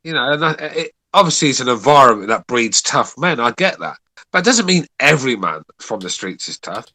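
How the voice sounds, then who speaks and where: A man with an English accent co-hosts a casual podcast. He talks bluntly and swears freely in his banter. His voice sits at an ordinary middle pitch. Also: pushed and bright. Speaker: podcast co-host.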